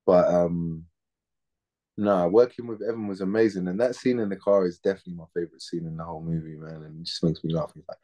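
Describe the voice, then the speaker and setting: Deep-voiced laid-back man. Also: steady tone, fast talker, mellow. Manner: laid-back, slangy, repeats words while thinking. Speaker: actor interviewed as guest. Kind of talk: casual interview chat.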